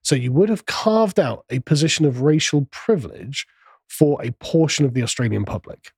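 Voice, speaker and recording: A man's voice: fairly high pitch, animated, moderate pace, darkish tone, slightly rough, dry recording. A man hosting a podcast, talking through politics in a casual, sardonic way. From England. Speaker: podcast host.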